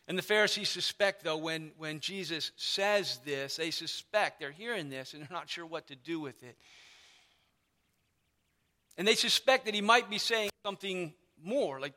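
A pastor preaches to his congregation, his voice pitched high and bright. He explains with animated emphasis. The church hall gives his words a long reverb. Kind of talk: sermon. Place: church sanctuary.

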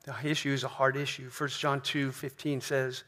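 A man's voice: mid-range voice, flat delivery, normal speed, few pauses, a bit bright. A man preaching a sermon in a church, emphatic, often repeating questions and asking "right?". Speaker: pastor.

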